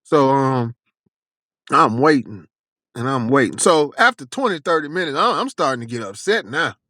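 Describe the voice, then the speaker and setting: Animated, foul-mouthed man telling a story. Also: mid-range voice, moderate pace, no room sound. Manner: animated, profane, lots of quoted dialogue. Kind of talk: casual storytelling.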